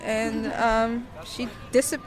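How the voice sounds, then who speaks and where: High-voiced young woman telling a story. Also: drawn-out words. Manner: animated, full of "like" fillers. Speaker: interviewee. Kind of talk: casual storytelling.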